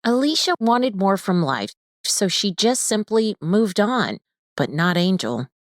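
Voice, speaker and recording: A woman host reads scripted true-crime narration in a measured, deliberate way. Her pitch moves up and down with lively shifts. The sound is dry and close to the mic. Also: no echo. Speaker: podcast host.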